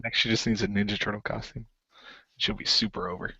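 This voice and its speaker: A man's voice: fairly low pitch, fairly even intonation, brisk, bright, forceful tone, breathy edge, no room sound. Laughing man host, lo-fi sound. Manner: laughing, hands off turns. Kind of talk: casual chat. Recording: dull dry lo-fi recording.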